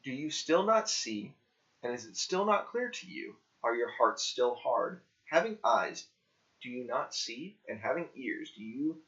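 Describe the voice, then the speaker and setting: A man reading the quoted words of a calm male teacher who questions his followers, in a plain, earnest way. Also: mid-range voice. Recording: dull lo-fi recording.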